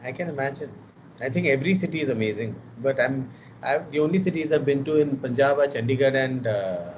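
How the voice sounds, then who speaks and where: A man's voice: medium pitch, lively intonation, fairly quick, a little mellow. A man with an Indian English accent runs an online class in a worn, tired voice, chatty and teasing, with Hindi words mixed into his English. The video-call sound is a little muffled, with faint noise underneath. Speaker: lecturer.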